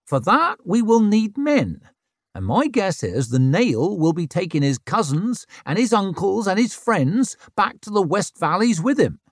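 A man voicing a blunt, dry-witted wild hill woman who mocks and lectures in rough country grammar. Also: mid-range voice, big pitch swings, unhurried, no echo, pitched above the performer's own voice. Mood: wry.

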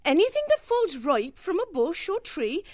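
A woman's voice: very animated, normal speed, no room sound, studio quality. An actress playing an indignant little female mouse who is a nun in a full-cast audiobook. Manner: shrill and indignant.

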